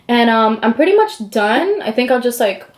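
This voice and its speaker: A young woman vlogger telling a story in a casual, chatty way while she does her makeup, acting out the quotes. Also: moderate pace. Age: young adult. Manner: animated, chatty, acts out quotes with high squeals.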